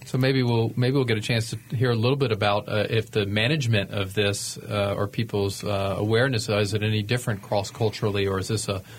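A man's voice: lowish voice, steady tone, brisk, few pauses. A man co-hosting a health radio talk show as a doctor, asking conversational, inquisitive questions.

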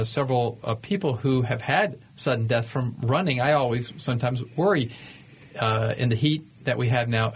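A man's voice: medium pitch, breathy edge. A man in his fifties, a doctor co-hosting a radio health talk show, chatting conversationally with fillers and restarts. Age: 50s. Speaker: co-host, physician.

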